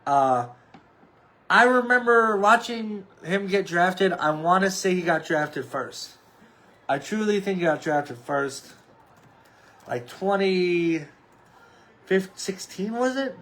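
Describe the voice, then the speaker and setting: Solo podcast host, thirties, male, higher register, offhand and rambling with lots of fillers. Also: expressive, slow pace, pauses often, a bit bright. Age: 30s. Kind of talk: casual solo sports chat.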